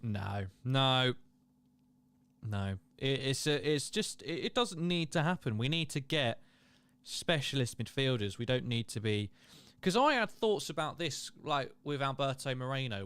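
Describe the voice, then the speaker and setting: A man's voice: mid-range voice, a little slow, a bit bright, clean tone, dry recording. Chatty man hosting a livestream. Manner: chatty, reads chat aloud, laughs and exclaims. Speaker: livestream host. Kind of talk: casual live watchalong commentary.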